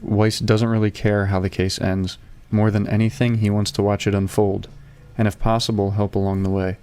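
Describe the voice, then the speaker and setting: A man with a fairly low voice reads his character's notes aloud at the table, pausing now and then between phrases. He is a player in a tabletop game. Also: smooth. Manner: excited, swearing, reading haltingly.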